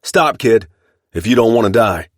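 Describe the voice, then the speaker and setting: A man's voice: lowish voice, lively intonation, moderate pace, no echo, clean studio sound, voice pushed up. A man voicing a stern young ranch hand who speaks in a firm, clipped, commanding way, often sarcastic.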